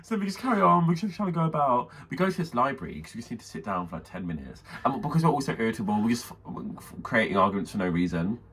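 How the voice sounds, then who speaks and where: A man's voice: medium pitch, big pitch swings, very fast, few pauses, a bit bright, slightly rough. A man co-hosting a podcast, telling a story in casual chat, swearing freely and mimicking the people in it. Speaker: podcast co-host. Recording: distant mic with faint background noise.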